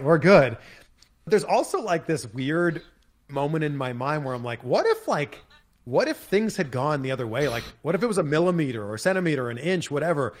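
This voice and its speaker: An American man sits in as a podcast guest and tells a story with animated energy, piling on fillers like "like" and "you know". His voice sits at an ordinary middle pitch. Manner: animated, vivid retelling with many fillers. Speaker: interview guest.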